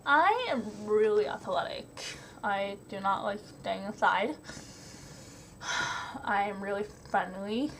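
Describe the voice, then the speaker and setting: A woman's voice: mid-range voice, lively intonation, takes it slowly, long pauses, fairly bright tone, slight background noise. A young woman answering a list of questions in a home vlog, hesitant with lots of ums and little laughs. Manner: hesitant, many ums, giggly. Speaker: vlogger. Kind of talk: question-and-answer tag video.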